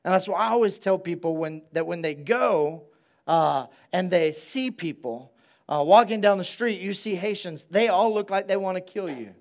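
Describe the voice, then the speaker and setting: High-voiced man preaching conversationally. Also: lively intonation, moderate pace. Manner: conversational, call-and-response with congregation; repeats phrases for emphasis. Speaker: pastor. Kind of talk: sermon. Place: church service.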